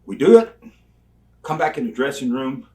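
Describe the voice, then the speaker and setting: This older guest talks at normal speed in a mid-range voice, rambling through stories and animatedly voicing the characters in them. His voice sits a bit far from the microphone.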